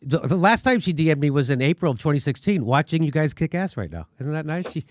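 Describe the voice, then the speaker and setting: A man's voice: fairly high pitch, very animated, fast talker, dry recording, clean studio sound. Sarcastic male talk show host. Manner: sarcastic, indignant storytelling. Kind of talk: casual commentary.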